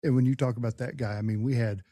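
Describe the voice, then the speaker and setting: Middle-aged male host, mellow tone, dry close-miked sound, folksy and rambling. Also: medium pitch, fairly even intonation, fast talker, no echo. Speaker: podcast host. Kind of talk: casual podcast conversation.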